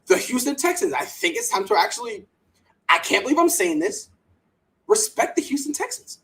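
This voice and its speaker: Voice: mid-range voice, sing-song, normal speed, a bit bright, poor audio. A sports podcast host giving opinionated takes in a fired-up, emphatic way, often repeating words and mocking others in put-on quoted voices.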